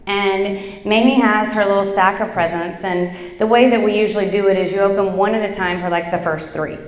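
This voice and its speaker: A middle-aged woman giving a motivational workshop talk, telling stories in an animated, chatty way with lots of fillers. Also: medium pitch, a little fast. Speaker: workshop speaker. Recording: echoey hall.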